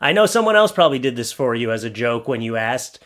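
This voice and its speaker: A man's voice: medium pitch, sing-song, fast, a bit bright. A man hosting a comedic reaction video, reacting to pictures and clips with joking, sarcastic asides. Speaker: YouTube host.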